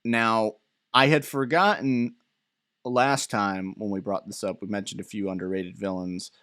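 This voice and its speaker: A young man in his twenties co-hosting a podcast, telling rambling, animated stories with fillers and laughs. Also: on the low side, measured pace, clear, resonant tone, no echo, clean studio sound. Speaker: podcast co-host. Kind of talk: casual chat.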